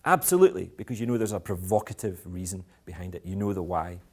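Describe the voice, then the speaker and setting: A man with a low, dark voice speaks fast and in a steady tone. He is a Scottish education speaker talking to school parents before a live audience at a school event, teasing them provocatively while making fun of himself.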